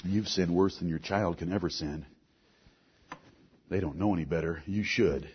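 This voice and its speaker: A middle-aged man preaching a sermon, earnest, moving between soft asides and forceful lines. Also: low-pitched, normal speed, lo-fi sound, slight background noise.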